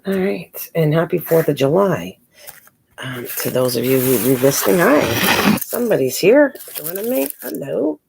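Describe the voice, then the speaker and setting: A woman's voice: low-pitched, very animated, measured pace, vocal fry, a little hiss or hum. An older woman hosting a casual live stream from home while crafting, chatting with viewers and calling them pet names.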